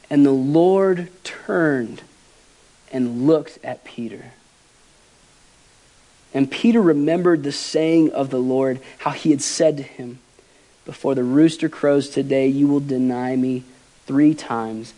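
Male pastor, fairly high voice, earnest and heartfelt, sermon delivery with loud and soft swings. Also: unhurried. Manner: earnest, emotional, shifts between loud emphasis and quiet softness.

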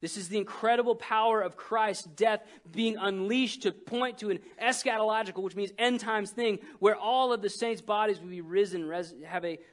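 Animated high-voiced male preacher. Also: moderate pace, hardly any pauses. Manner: animated storytelling, swings from loud bursts to hushed lines. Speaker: pastor. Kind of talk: sermon.

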